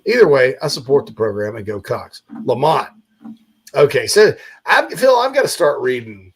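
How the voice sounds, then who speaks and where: A man's voice: medium pitch, sing-song, moderate pace, husky. A man hosting a sports talk show, rambling casually with lots of fillers and restarts.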